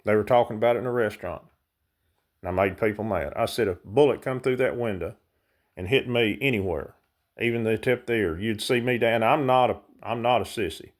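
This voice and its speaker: A man's voice: fairly low pitch, fairly quick. A man delivering a heated, impassioned monologue straight to his viewers. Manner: heated, ranting, speaks directly to viewers. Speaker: vlogger.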